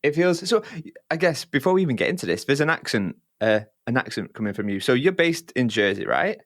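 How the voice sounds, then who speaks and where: Relaxed man hosting a podcast, dry sound. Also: medium pitch, brisk, no echo. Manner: relaxed, repeats phrases, friendly. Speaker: podcast host. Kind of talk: casual podcast interview.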